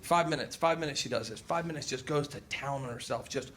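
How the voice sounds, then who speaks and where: A young man telling a crude stand-up story, excitable and laughing through his lines. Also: mid-range voice, a little fast. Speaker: stand-up comedian. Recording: heavy noise in recording.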